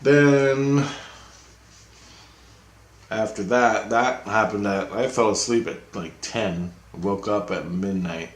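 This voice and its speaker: A man with a low voice tells a meandering story of his own, stopping and restarting as he goes. He jumps up in pitch to act out the voices of the people in it. The sound carries a noticeable room echo. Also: takes it slowly, long pauses. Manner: acts out quoted dialogue with a raised voice; loose, meandering, with frequent restarts. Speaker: vlogger recounting dreams. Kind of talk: rambling personal storytelling. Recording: roomy, echoey room.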